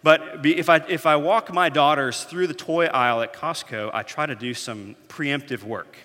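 A pastor in his thirties preaches with a bright, forceful voice, telling family stories with animated, self-mocking humor. His voice rings out with a long reverb, like a large church hall. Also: fairly high pitch, moderate pace. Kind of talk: sermon. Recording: echoey hall.

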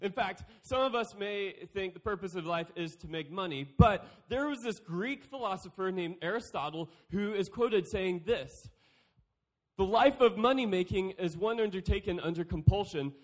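A young man delivering a youth sermon with a higher-pitched voice. He keeps it playful, cracking jokes and acting out little quoted exchanges. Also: lively intonation, normal speed. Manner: playful, joking, acts out quotes. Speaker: youth speaker.

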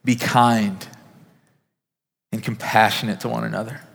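A man preaching a sermon as pastor, earnest, naming listeners one by one, building to emphatic peaks and dropping to a soft hush. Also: fairly low pitch, fairly even intonation, unhurried, gravelly. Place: church sanctuary. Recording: reverberant church hall.

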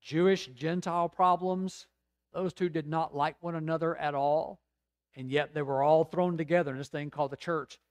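A man preaching a sermon as pastor, rising to emphatic swells and dropping to slow, quiet reflection. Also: a little high, steady tone, no room sound.

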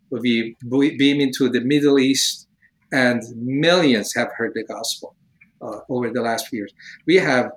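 A man's voice: mid-range voice, low-quality recording. A man from Iran, telling his personal testimony in an interview in earnest, emotional, slightly broken English. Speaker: evangelist guest.

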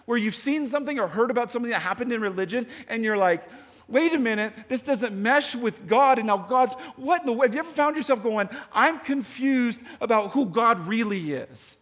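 A man preaching a sermon in a lively, conversational way, talking straight to his audience. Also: very high voice, a little fast. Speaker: pastor. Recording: long hall reverb.

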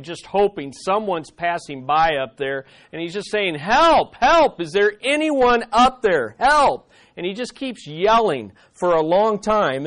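A male pastor preaching a sermon, telling a story in an animated, conversational way. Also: high-pitched.

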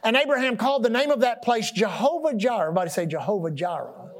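A pastor preaches a sermon in a high voice at a fast clip, building his points by repeating words and questioning the congregation. His animated delivery uses call-and-response questions, restarts words, and rises and drops in loudness.

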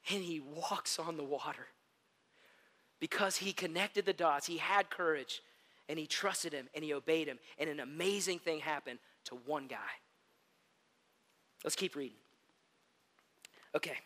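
A man preaching a sermon as pastor, an animated storyteller who calls his listeners gang. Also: sits high, normal speed, pauses often, big-room sound.

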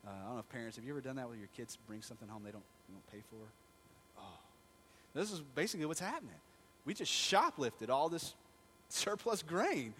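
A man's voice: medium pitch, very animated, brisk, a bit bright, breathy edge. A male pastor preaching a sermon in a conversational storytelling manner, asking the congregation rhetorical questions.

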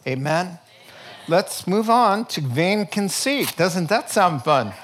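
A man preaching a sermon in an animated, joking way. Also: high-pitched, a faint crowd, a little hiss or hum. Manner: animated, joking preacher, rapid lively delivery. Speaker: pastor.

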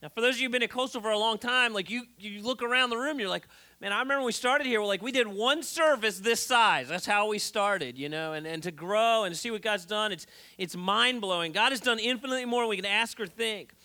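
A man preaches to his church in a loose, conversational way, full of "uh"s and restarts. His voice sits very high for a man. It has a forceful, bright edge. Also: quick pace. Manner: conversational, storytelling with many fillers and restarts. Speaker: pastor. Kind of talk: sermon.

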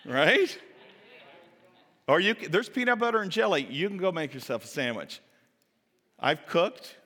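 A pastor delivers a sermon with a bright, forceful voice that sits a little high for a man. He tells the stories casually and turns to his listeners with chatty asides. The sound rings with long reverb from a large hall. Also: measured pace. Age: adult parent. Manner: animated storytelling that acts out quoted voices.

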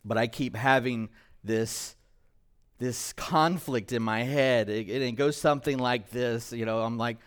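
A middle-aged male pastor telling a personal story in a sermon, emotional and halting at times. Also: mid-range voice, clear, resonant tone. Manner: emotional, personal testimony with pauses.

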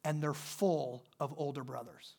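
A preacher giving a sermon in church, animated and emphatic, rising and dropping in pitch and loudness to stress points. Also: a little slow, creaky.

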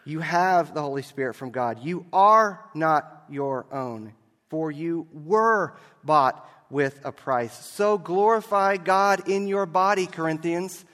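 A man preaching a sermon as a pastor, telling a story and moving between loud and hushed delivery. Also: a little high, slow, in a large hall.

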